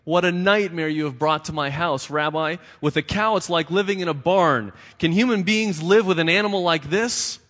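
A man's voice: mid-range voice, expressive, moderate pace, a bit bright. A man voicing a desperate poor father who pleads and wails his complaints. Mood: pleading. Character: poor desperate middle-aged father at his wits' end. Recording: long reverb of a large hall.

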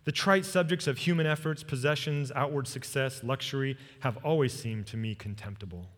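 A man preaching a sermon as pastor, telling a personal story with earnest warmth and leading the congregation in repeated phrases. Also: medium pitch, brisk. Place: church sanctuary. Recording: long reverb of a large hall.

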